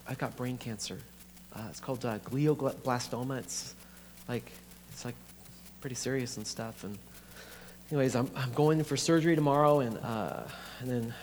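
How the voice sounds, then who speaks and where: A man voicing a frightened young man facing serious illness, halting and stammering, in an echoey hall with a faint hum. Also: medium pitch, darkish tone, lightly acted. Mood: subdued.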